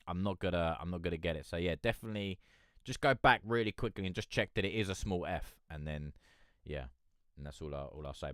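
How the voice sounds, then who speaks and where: A man's voice: fairly low pitch, a bit bright, smooth, no echo, studio quality. A man from near London, chatting casually on a live stream as a music reviewer. He rambles, swears and keeps calling people "mate". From England, near London.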